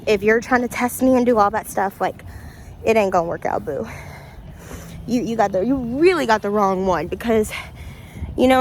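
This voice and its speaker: A woman's voice: on the high side, a little mellow, slight background noise. A woman vlogger telling a story to camera in a casual, chatty way, speaking straight to her viewers and laughing often. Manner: laughs often between lines.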